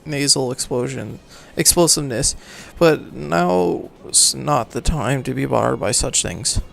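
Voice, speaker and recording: A man reading a game's story aloud for a let's play, halting and correcting himself, then signing off casually. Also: mid-range voice, expressive, vocal fry, fairly bright tone, slight background noise. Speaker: let's player, reading game text. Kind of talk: reading game narration aloud, casual outro.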